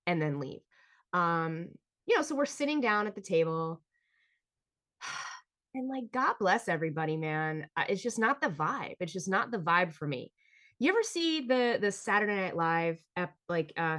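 A woman's voice: on the low side, fairly bright tone. A woman hosting her own podcast, telling personal stories in a candid, blunt and profane way and speaking straight to her listeners. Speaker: podcast host. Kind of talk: candid solo storytelling.

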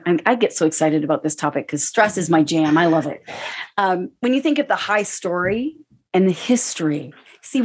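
Animated woman talking about stress. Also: fairly low pitch, slightly rough. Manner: animated, acts out inner dialogue in quotes. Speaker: guest speaker on stress. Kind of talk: casual podcast conversation.

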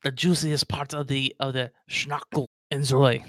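A man's voice: medium pitch, flat delivery, unhurried, fairly bright tone, no echo, close to an everyday voice. A man voicing a big, grumpy-looking but hearty male orc crewman who talks in broken, pushy phrases. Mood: coaxing.

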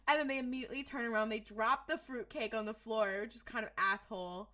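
A woman's voice: fairly high pitch, brisk, hardly any pauses. A woman co-hosting a podcast, recapping a TV episode in casual chat, swearing freely and acting out lines. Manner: animated, swears freely, acts out quoted lines. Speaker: podcast co-host.

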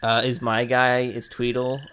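A man in a tabletop game talks casually in a mid-pitched voice. He keeps asking the game master questions about the scene. A faint hiss of noise sits behind him. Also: completely flat delivery, unhurried, a bit bright. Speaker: player.

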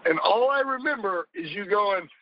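A man's voice: sits high, lively intonation, normal speed, no room sound, muffled recording. A man speaking as a podcast guest, telling rambling, emphatic stories in casual conversation and swearing now and then.

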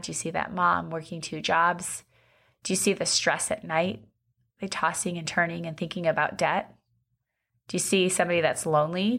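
A middle-aged woman giving an energetic motivational coaching talk on network marketing, talking to listeners as "you guys" and acting out sample sales conversations. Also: fairly low pitch, creaky.

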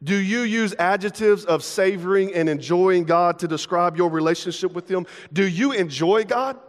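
Brief: young man, pastor preaching, slightly high voice, long hall reverb, casual and playful. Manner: casual, playful, acts out everyday dialogue in quick asides. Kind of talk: sermon. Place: church sanctuary.

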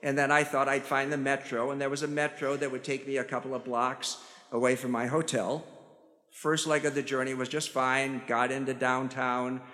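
A priest with a Chicago accent preaching a sermon, telling stories with self-deprecating humor. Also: male voice, medium pitch, a bit bright. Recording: church hall reverb.

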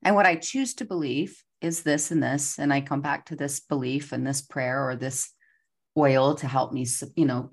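Woman in her 40s, low voice, gives a motivational talk and acts out her inner voices. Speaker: host.

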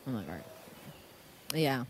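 Animated woman telling a story with voices. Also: a bass voice, measured pace, noisy background. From Canada. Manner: animated, acts out voices, swears freely. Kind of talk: casual storytelling chat.

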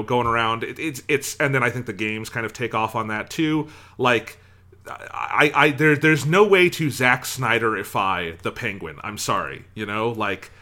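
A man co-hosting a film podcast, talking in an animated, profane way with frequent restarts. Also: medium pitch. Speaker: podcast co-host. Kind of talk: casual film discussion.

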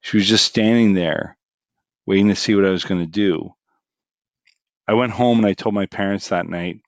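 A middle-aged man recounts a story in a fairly low voice, casual and animated, pushing his voice up as it builds to the punchlines. The sound is dry and close, with no room around it. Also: moderate pace, no echo, lo-fi sound.

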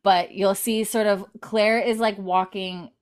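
A woman's voice: mid-range voice, steady tone, measured pace. A woman podcast host casually recapping a TV episode in a chatty way, full of fillers. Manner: chatty, many fillers, retells scenes.

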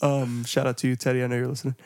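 In clean studio sound with no room echo, a podcast co-host recounts something embarrassing in a monotone, rapid-fire, slightly mellow mid-range voice. The chat is casual and profane, and he keeps laughing and acting out his own lines.

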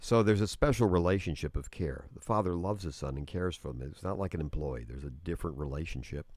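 Very deep-voiced man explaining earnestly. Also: fairly quick, darkish tone, no echo, clean studio sound. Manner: earnest, explanatory, many restarts. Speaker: guest teacher on prayer. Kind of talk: conversational religious teaching.

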